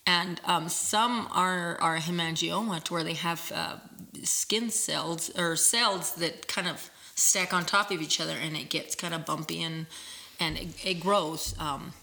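Woman, thirties, casual chat, animated storyteller, lower bright voice, acts out voices. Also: unhurried, creaky.

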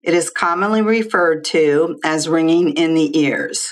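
Give me a woman social worker explaining things clearly in an interview, a bit low in pitch. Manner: measured, explanatory, lists figures clearly. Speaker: social worker and guest expert. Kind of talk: informative interview answers.

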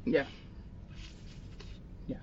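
Rambling male game master, lo-fi. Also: drawn-out words. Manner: loose, rambling narration with many fillers. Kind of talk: narrating a tabletop game.

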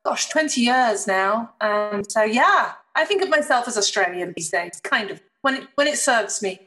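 Woman from england in her 40s or so, higher voice, brisk and joky, guest on a podcast. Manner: brisk, self-deprecating, lively. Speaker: podcast guest, marketing entrepreneur. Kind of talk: casual interview chat.

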